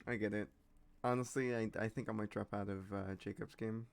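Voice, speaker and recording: A woman's voice: rumbling low, steady tone, a little fast, creaky. A woman game master chatting casually with her players before a tabletop session, easygoing and reassuring. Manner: easygoing, reassuring, lots of fillers.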